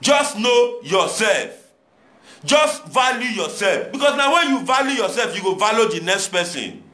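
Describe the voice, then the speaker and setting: Young Nigerian man, Pidgin accent, bright tone, exhortative monologue. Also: high voice, roomy sound. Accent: Nigerian Pidgin English. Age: young adult. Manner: preachy, exhorting, repetitive rhetoric. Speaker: commentator addressing viewers. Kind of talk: impassioned monologue.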